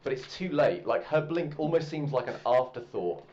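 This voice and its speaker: A man narrating a tabletop game as game master in a relaxed, rambling way. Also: medium pitch, moderate pace. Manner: relaxed, rambling with many fillers. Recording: muffled, with faint music.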